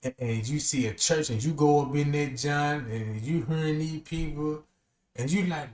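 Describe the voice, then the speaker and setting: A man streaming casual commentary, animated and slangy, rambling as he reacts to what he reads. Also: a little high, normal speed, roomy sound.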